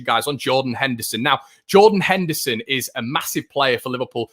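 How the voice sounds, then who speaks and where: A young man hosting a fan channel from his room, chatting casually and upbeat about football and reading out viewer comments, with many fillers and excited bursts. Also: medium pitch, a little fast, few pauses. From England.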